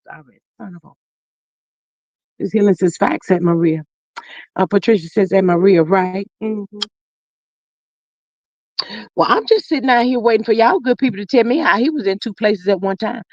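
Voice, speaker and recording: A livestream host casually reads viewer chat aloud and answers with playful, slangy asides and drawn-out hums. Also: mid-range voice, expressive, no echo. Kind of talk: casual commentary.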